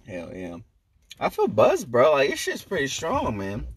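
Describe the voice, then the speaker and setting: A man co-hosting a casual podcast, laid-back and quick to laugh. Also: medium pitch, huge pitch swings, slight background noise. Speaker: podcast co-host.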